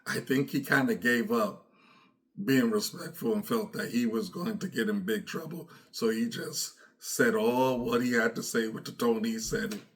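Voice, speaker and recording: A man's voice: medium pitch, moderate pace. Middle-aged man, podcast host, earnest reflective delivery that acts out dialogue, voice in the middle range. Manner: earnest, repeats phrases, acts out quoted dialogue. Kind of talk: reflective personal talk.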